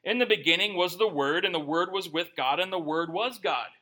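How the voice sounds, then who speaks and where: A man's voice: high-pitched, fairly quick, pushed and bright. A man preaching a sermon in a conversational way, with joking asides. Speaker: pastor.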